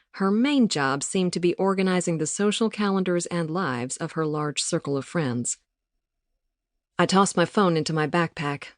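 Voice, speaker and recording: A woman reading a novel aloud as an audiobook narrator, in a measured storytelling manner, recorded close in a booth. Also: low voice, no room sound. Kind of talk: scripted narration. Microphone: studio mic, close.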